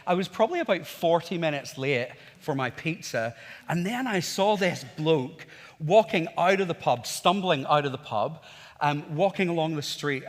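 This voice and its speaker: Northern Irish preacher in a ringing hall. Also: male voice, on the high side. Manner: conversational storytelling with rhetorical questions. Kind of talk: sermon. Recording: reverberant church hall.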